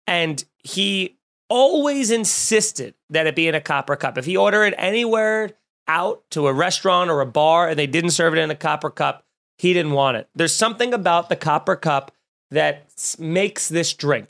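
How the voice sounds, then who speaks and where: A man's voice: a little high, expressive, moderate pace, gravelly, a bit bright. Rambling, jokey man hosting a podcast. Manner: rambling, jokey storyteller with many restarts. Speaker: podcast host and comedian. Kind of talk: casual chat.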